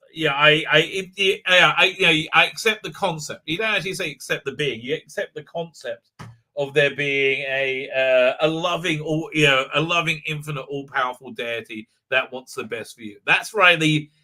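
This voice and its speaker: A man's voice: on the high side, sharp tone. A man hosting a casual live stream, talking in a rambling way with many fillers, restarts and frequent laughs. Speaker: livestream host.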